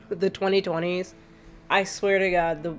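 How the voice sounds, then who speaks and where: A woman's voice: lowish voice, little pitch movement, a little slow. A woman streaming a game, chatting casually and sarcastically as she plays, laughing often and sounding tired. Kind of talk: casual live-stream chat while playing.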